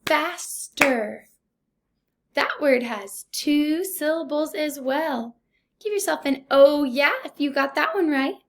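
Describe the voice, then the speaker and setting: Slow, high-voiced teacher with vocal fry. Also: female voice, lively intonation. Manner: slow, deliberate, encouraging teacher talk. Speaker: first grade teacher. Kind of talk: recorded remote phonics lesson.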